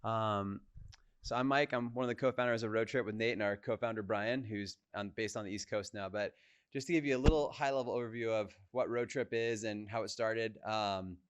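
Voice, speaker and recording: Male co-founder, relaxed storytelling talk, lower voice, dry room. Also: brisk, clear, resonant tone, no echo, lo-fi sound. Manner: casual, chatty, lots of "like" and "you know". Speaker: co-founder giving a presentation.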